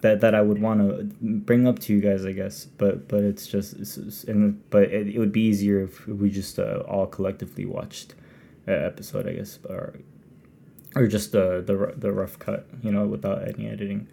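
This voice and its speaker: A man with a low, gravelly voice talks in a casual podcast chat. His tone is dark and mellow, and he keeps stopping and restarting mid-sentence as he feels his way toward an idea. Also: level tone, slight background noise. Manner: halting, full of restarts and fillers. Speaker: podcast co-host.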